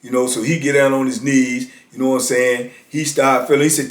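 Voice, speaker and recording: A man's voice: mid-range voice, level tone, brisk, roomy sound. A man casually telling a story from his years in prison, acting out voices of guards and inmates as he goes.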